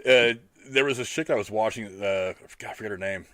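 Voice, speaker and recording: A man's voice: on the low side, brisk, crowd noise. A man hosting a podcast in casual, rambling chat. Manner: rambling, animated. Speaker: podcast host.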